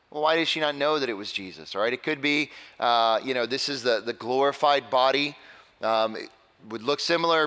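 A male pastor preaching a sermon in a conversational way, with dramatic pauses. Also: medium pitch, pushed and bright, in a large hall.

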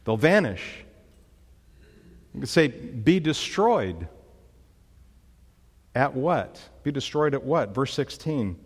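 A man's voice: mid-range voice, expressive, a little slow, long pauses, breathy edge, long reverb tail. A man preaching a sermon, emphatic, with dramatic rises when he quotes commands. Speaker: pastor.

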